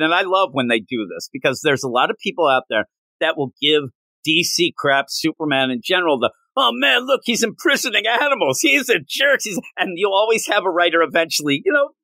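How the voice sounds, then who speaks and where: A man's voice: on the high side, a little fast, dry recording. A man co-hosting a comics podcast, chatting casually and joking, sometimes putting on silly voices. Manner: animated, jokey, puts on silly voices while riffing. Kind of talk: casual chat.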